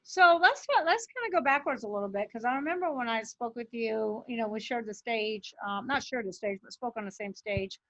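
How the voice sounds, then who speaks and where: An eager woman interviewer with a high voice asks her guest questions. Her audio is dry and dull, with a lo-fi quality. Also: lively intonation, fairly quick, few pauses, a bit bright, no room sound. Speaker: podcast host. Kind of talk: casual interview.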